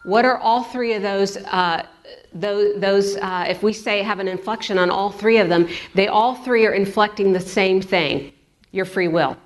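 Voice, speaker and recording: A woman's voice: mid-range voice, measured pace. A woman pastor preaching a sermon in a chatty way, repeating words for emphasis. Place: church.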